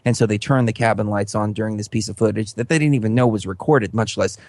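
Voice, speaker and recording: A man's voice: on the low side, fast, a little mellow, dry recording. A man appearing as a guest on a radio talk show, explaining a theory in an earnest, rambling way. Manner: earnest, rambling, many fillers and restarts.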